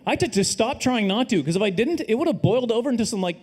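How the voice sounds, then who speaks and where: A middle-aged Canadian man doing a live stand-up set, dry and self-deprecating, now and then bursting into loud put-on voices. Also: high-pitched, expressive, rapid-fire, husky. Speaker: stand-up comedian. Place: comedy stage before a live audience.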